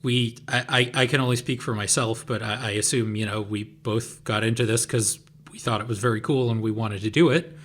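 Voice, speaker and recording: A man with a mid-range voice co-hosts a podcast in casual chat. He often restarts his sentences and fills pauses with "like". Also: medium pitch, steady tone, fairly bright tone. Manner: hesitant, repeats words, fills with "like". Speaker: podcast co-host.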